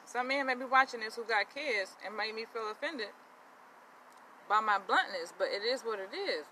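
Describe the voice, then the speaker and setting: Brief: young woman, bright forceful voice, blunt profane vlog rant, light background noise. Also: a little high, normal speed, low-quality recording. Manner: blunt, profane, animated, addresses viewers directly. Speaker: vlogger. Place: outdoors, eating.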